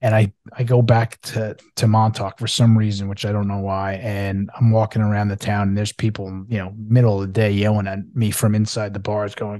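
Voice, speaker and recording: A man's voice: on the low side, flat delivery, a little fast, dark tone, dry recording. A male podcast host telling a personal story in a casual, eager and emphatic way.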